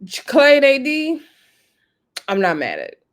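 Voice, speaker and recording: A woman reviewing a reality show on her channel in casual chat, expressive and slangy. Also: high voice, measured pace. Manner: chatty and expressive, drops into slang and acts out quotes. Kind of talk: casual recap chat to camera. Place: home setup with a ring light.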